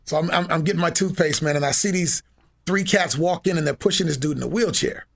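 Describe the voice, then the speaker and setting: A man's voice: on the high side, quick pace, creaky, fairly bright tone. A man from Seattle, a guest on a podcast, telling blunt and profane stories in casual chat. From Seattle, USA. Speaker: guest musician.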